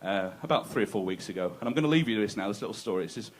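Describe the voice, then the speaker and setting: A man's voice: fairly low pitch, animated, racing. A man doing a crude, conversational stand-up set, teasing the crowd. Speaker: stand-up comedian. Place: comedy club stage.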